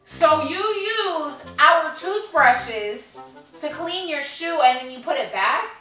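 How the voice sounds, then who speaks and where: A woman's voice: high-pitched, expressive, slow, bright, forceful tone, far from the mic, faint music behind. A woman vlogger arguing with her friend, indignant and disgusted, pressing her point again and again. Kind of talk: casual argument. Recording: echoey room, voice off-mic.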